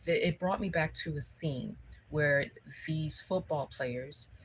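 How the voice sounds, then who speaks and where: Woman, low and unhurried, conversational spiritual livestream speaker. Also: slight background noise, poor audio. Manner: conversational storytelling, keeps checking in with "okay?".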